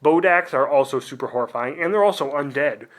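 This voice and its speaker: A young man with a slightly high voice speaks fairly quickly, hosting a casual unboxing vlog to camera. He rambles and puts himself down, saying "like" a lot and drifting into trailing asides.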